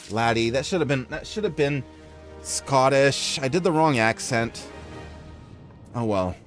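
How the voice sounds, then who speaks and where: Casual male let's-play host, wry and self-correcting, over soft music. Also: medium pitch, animated, measured pace, long pauses. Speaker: gameplay host.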